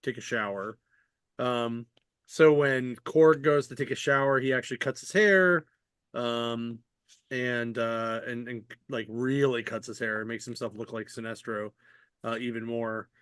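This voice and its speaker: A man's voice: medium pitch, steady tone, measured pace, fairly bright tone, clean tone, no room sound, studio quality. Rambling casual podcast man. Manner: rambling, filler-heavy, swears freely. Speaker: podcast host. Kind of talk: casual chat.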